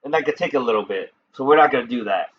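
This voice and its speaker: A man's voice: medium pitch, lively intonation, racing, slightly rough, lo-fi sound. A man streaming a game, chatting casually in a rambling, joking way with some swearing. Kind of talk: casual gameplay stream chat.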